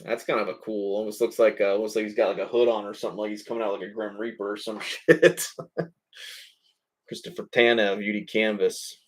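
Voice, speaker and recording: A man's voice: lowish voice, level tone, brisk. A man hosting a live trading-card break, calling out each pull in a casual, rambling way, with the odd curse and chuckle. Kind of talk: live card-opening commentary.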